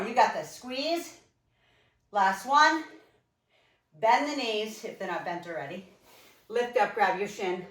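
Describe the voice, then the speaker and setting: Woman fitness instructor, out of breath, upbeat and encouraging, counting reps, echoey room, distant mic. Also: mid-range voice. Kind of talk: live home workout coaching.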